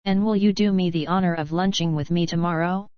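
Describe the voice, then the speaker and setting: Lady reading a clipped rich american guy, smooth voice, kinda dull sound. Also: lowish voice, fairly even intonation, brisk, a little mellow, no room sound, close to an everyday voice. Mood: decisive. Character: brisk wealthy American male millionaire. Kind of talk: audiobook narration.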